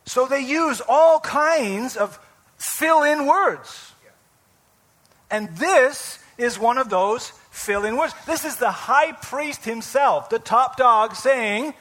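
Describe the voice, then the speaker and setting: High-voiced, slow-preaching man pastor. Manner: animated preaching with sudden loud emphasis and soft asides. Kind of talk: sermon.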